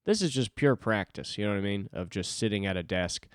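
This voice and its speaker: Deep-voiced man rambling alone, swinging pitch. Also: lively intonation, fairly quick, smooth, no echo, studio quality. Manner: self-deprecating, swears freely, loose and rambling. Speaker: stand-up comic and podcast host. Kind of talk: solo rambling podcast monologue. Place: sitting alone at a desk.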